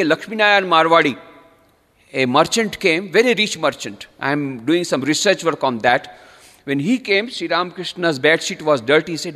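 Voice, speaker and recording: A man's voice: sits high, fairly bright tone. A man with an Indian English accent, a monk giving a spiritual lecture, telling stories and acting out the people in them with rising emphasis. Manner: storytelling, acting out quoted speakers with rising emphasis. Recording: long hall reverb.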